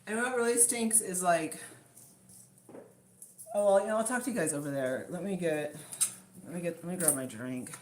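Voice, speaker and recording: A woman's voice: lowish voice, moderate pace, pauses often, a little mellow, slight background noise. A middle-aged woman chatting casually on her livestream, rambling and out of breath, thanking viewers by name. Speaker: livestream host.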